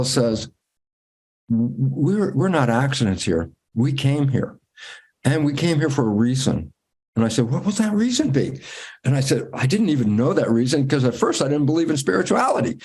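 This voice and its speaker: A man, a guest in an interview, telling stories in a lively way and acting out his own inner dialogue with big swings in pitch. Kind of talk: conversational storytelling.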